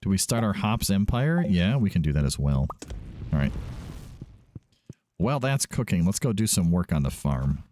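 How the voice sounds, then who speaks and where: A man's voice: low-pitched, sing-song, normal speed, pauses often, warm tone. A man hosting a let's play, giving casual gameplay commentary, chatty and thinking aloud as he often corrects himself.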